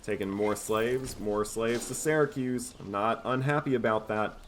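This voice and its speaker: Low-pitched man, casual gameplay commentary, self-mocking, faint noise. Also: moderate pace. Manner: relaxed, wry, self-mocking. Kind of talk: casual let's-play commentary.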